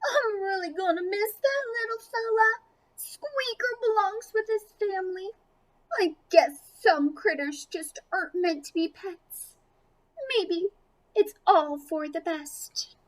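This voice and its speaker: A soft-hearted young girl bear from a storybook, as a woman reading aloud puts her on. She talks in a high, sing-song child's voice that leaps up and swoops down. Each line comes slow and drawn out. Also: expressive, full character voice. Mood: wistful. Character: young female bear, gentle and tender-hearted.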